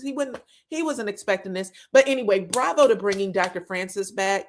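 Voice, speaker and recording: A woman recaps a reality show as casual gossip. She is animated, acts out the cast's lines as she retells them, and swears freely. Her pitch swings widely as she speaks. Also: a little fast, hardly any pauses. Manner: animated, quotes cast members in retellings, profane.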